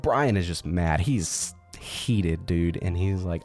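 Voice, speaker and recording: A man's voice: low-pitched, slow, hardly any pauses, a little mellow, soft background music. A man casually telling a story, chatty with fillers.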